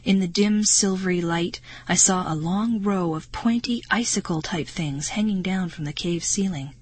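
A woman's voice: on the low side, normal speed, darkish tone, breathy edge, no echo. A woman narrating a first-person children's adventure story in a suspenseful, dramatic reading voice. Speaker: audiobook narrator.

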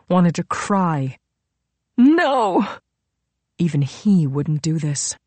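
A woman narrating a story in a measured, dramatic way on a close mic. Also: low voice, mellow, no room sound. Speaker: audiobook narrator. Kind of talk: scripted narration.

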